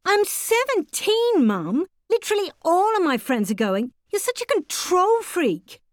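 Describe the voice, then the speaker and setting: A sulky seventeen-year-old girl, as a woman narrator puts her on, her voice pushed high, shrill and sarcastic. She drawls her complaints slowly, with lively swings of pitch, and the recording is dry and close. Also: no room sound, full character voice. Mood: sarcastic, whiny.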